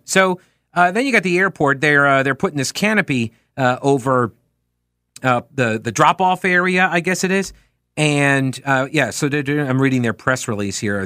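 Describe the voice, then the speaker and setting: Radio guy ranting sarcastically, kinda high voice, lots of uhs. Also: animated, moderate pace, sharp tone, no room sound, studio quality. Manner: sarcastic, ranting, many fillers. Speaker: radio talk show host. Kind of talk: casual talk radio monologue. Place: radio studio. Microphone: studio microphone.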